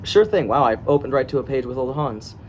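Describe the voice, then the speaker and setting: Speaking a bit quickly in a medium-pitched, somewhat mellow voice, this young American is lively and animated. He co-hosts a script reading video and, before it starts, trades casual jokes, laughs frequently and trips over his phrasing. Faint room noise can be heard.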